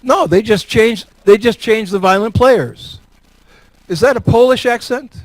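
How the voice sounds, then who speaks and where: A man's voice: extremely high pitch, a little slow, no echo, low-quality recording. A man from New York state gives a talk and takes audience questions, folksy and joking, repeating words for emphasis. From Elmira, New York. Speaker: guest speaker.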